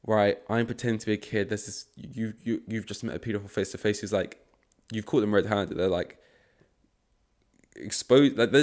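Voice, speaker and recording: A man's voice: on the low side, a little mellow. A young man rambling through a casual solo podcast monologue, swearing often, with many fillers and restarts. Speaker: podcast host.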